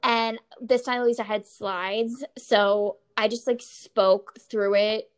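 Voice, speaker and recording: Co-hosting a casual podcast chat, a woman in her thirties tells filler-heavy stories animatedly and laughs often. Her voice sits on the high side and is slow and smooth.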